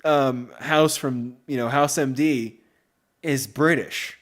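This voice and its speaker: A man hosting a podcast in casual chat, rambling and excitable, with many fillers. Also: medium pitch, takes it slowly. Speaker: podcast host.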